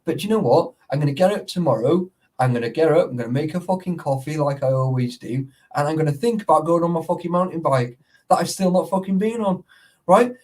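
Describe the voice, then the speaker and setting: Man, talkative and profane, voice a touch high, keeps checking you're with him. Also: quick pace, a little mellow, distant mic. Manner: sweary, rambling, keeps asking "you know what I mean". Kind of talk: casual chat.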